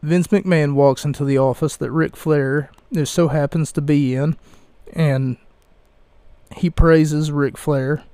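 A man's voice: a little high, mellow, dry recording. A man hosting a casual solo podcast, talking in a rambling, hesitant way with dry wordplay. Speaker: podcast host.

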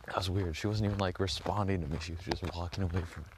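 A man's voice: low-pitched, steady tone, quick pace, heavy background noise. A young man vlogging casually to his phone, rambling, swearing often and filling gaps with "like". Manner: rambling, swears a lot, heavy use of "like".

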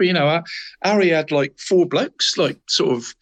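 Man, football chat co-host, rambling, fond of "mate", slightly high voice. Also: moderate pace, gravelly. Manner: rambling, says "mate" constantly.

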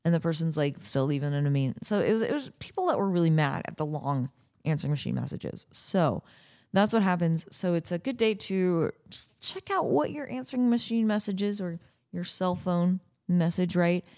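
A woman hosting a podcast in a casual, chatty way, playful and quick to break into silly asides. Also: lowish voice, expressive, mellow. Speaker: podcast host. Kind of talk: casual chat.

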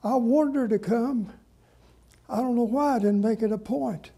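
Folksy preacher, husky and high. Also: male voice, mellow. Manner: folksy, drawn-out preaching with dramatic pauses. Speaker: pastor. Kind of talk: sermon storytelling.

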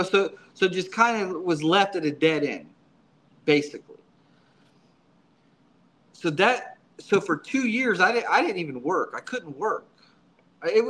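A man's voice: a little high, fairly bright tone, low-quality recording. A man guest in an interview, a subdeacon telling his story in a casual, earnest way, often repeating words as he restarts his sentences.

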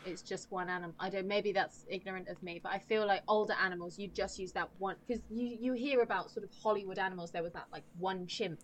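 A woman's voice: mid-range voice, fairly even intonation, quick pace, hardly any pauses. A woman in a mid-range voice chatting on a film podcast. She talks earnestly and keeps restarting her sentences. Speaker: podcast co-host. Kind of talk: casual film review chat.

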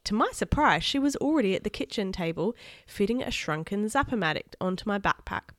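Expressive woman reading a children's book. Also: mid-range voice, a little fast, no room sound, studio quality. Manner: expressive, chatty asides to viewers. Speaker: storybook reader. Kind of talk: reading a children's book aloud on a live stream.

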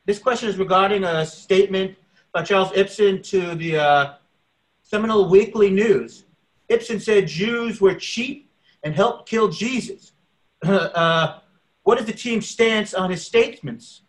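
A man's voice: sits high, rough recording. A man reading as a pushy sports reporter. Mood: pressing. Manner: halting, with fillers and restarts. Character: male sports reporter pressing a team. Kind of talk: casual script read-aloud.

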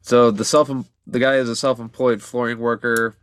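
A man's voice: medium pitch, little pitch movement, normal speed, fairly bright tone, clear, resonant tone, dry recording. Man, casual podcast storyteller, profane, rambling, dry sound. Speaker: podcast co-host. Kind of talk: casual chat telling a news story.

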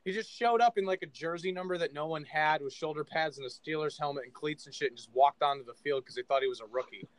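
A rowdy, animated man rattles through a sports chat at a quick clip, swearing constantly. His voice sits a touch high, and it is recorded dry and close. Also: no echo, rough recording. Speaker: sports podcast co-host. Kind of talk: casual chat.

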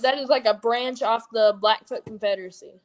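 A twenty-one-year-old woman from Kentucky with an Appalachian accent, a wrestler talking loudly and rambling in an interview. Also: fairly high pitch, fairly quick. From Kentucky, USA. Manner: loud, rambling, self-deprecating. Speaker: professional wrestler. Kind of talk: casual interview chat.

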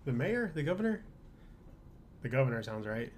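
A man's voice: mid-range voice, big pitch swings, normal speed. A man co-hosting a podcast, chatting casually about a film in an opinionated, rambling, wry way. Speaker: podcast co-host. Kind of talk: casual chat.

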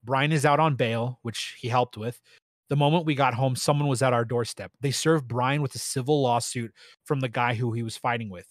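A man reading a first-person story aloud in a steady, plain way, with a few small stumbles. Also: mid-range voice, moderate pace, no echo, clean studio sound. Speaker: story narrator.

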